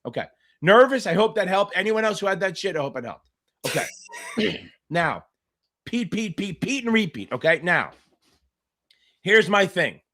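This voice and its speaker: A man's voice: high-pitched, animated, unhurried, long pauses, bright, forceful tone. A middle-aged man tutoring exam candidates in a live-streamed Q&A, blunt, profane and provocative, wandering into side stories. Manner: rambling digressions.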